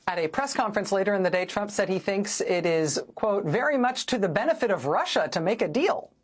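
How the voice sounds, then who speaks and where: A woman's voice: mid-range voice, expressive, brisk, husky. A woman hosting a news show, delivering sarcastic, incredulous political commentary. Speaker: host.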